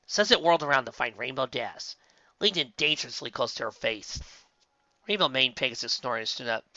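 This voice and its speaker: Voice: mid-range voice, a little fast, sharp tone, dry recording. An audiobook reader expressively reading fan fiction aloud, with occasional slips, on a slightly dull, dry recording.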